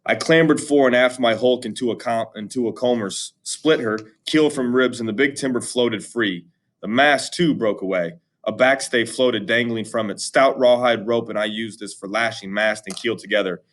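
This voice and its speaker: A man's voice: medium pitch, normal speed. Man reading an epic poem aloud. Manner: plain steady reading, slangy when explaining. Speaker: reader and explainer of an epic poem. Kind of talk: reading aloud with casual explanation.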